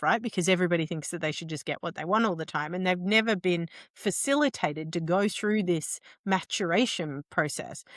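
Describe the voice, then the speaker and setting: A woman's voice: fairly low pitch, dry recording, clean studio sound. A middle-aged woman, a guest on a podcast interview, explaining earnestly with frequent restarts and tag questions. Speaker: guest, entrepreneur.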